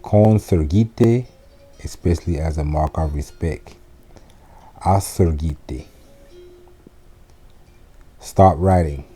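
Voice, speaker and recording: A man teaching spoken classroom phrases, giving each in English and then repeating it slowly and deliberately. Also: sits low, mellow, slight background noise. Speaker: Latin teacher. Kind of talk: slow classroom phrase lesson.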